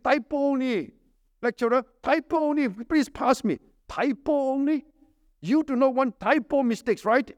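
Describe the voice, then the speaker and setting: A man preaching a sermon, emphatic, with rhetorical questions and sharp swings between raised stresses and low dropped endings. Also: dry recording, studio quality.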